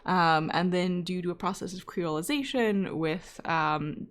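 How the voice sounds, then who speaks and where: A woman's voice: fairly low pitch, measured pace. A woman hosting a live coding stream, talking casually and thinking aloud with frequent fillers and asides, now and then reading viewer chat aloud. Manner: reads chat messages aloud. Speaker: data scientist live-coding host.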